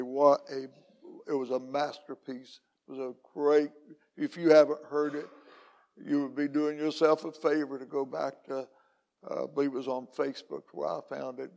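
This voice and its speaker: Gravelly older man preaching a folksy sermon. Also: mid-range voice, darkish tone, long reverb tail. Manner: folksy, joking, with many fillers. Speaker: evangelist preacher. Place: church sanctuary.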